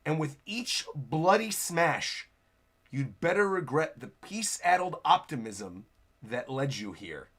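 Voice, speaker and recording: A man voicing a cruel, sneering male noble villain in a low, menacing read-aloud voice. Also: very animated, slow, a bit bright, breathy edge, full character voice.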